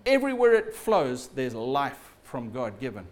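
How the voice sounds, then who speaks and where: A man preaching a sermon in a storytelling way, often dropping low and quiet at the ends of phrases. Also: wildly swooping pitch, a little slow.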